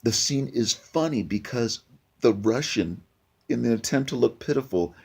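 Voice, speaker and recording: A man's voice: mid-range voice, lively intonation, moderate pace, gravelly, slightly rough. A man reviewing a film in a blunt, profane casual rant, full of restarts. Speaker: movie reviewer.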